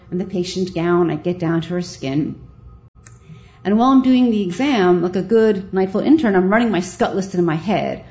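A woman's voice: mid-range voice, highs cut off. Self-mocking woman telling a story. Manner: lively, self-mocking, animated. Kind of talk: live storytelling.

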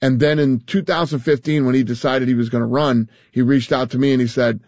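Man, interview guest, husky voice, dry dull sound, emphatic with restarts. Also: mid-range voice, fast, hardly any pauses, a little mellow, dry recording. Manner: emphatic, with frequent restarts and repeated words. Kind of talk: casual interview talk.

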